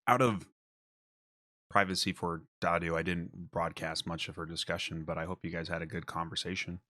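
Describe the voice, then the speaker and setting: A man's voice: sits low, fairly even intonation, normal speed, sharp tone, no echo, studio quality. A man hosting a live stream and commentating casually, rambling and mocking himself with loose swearing. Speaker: host and commentator.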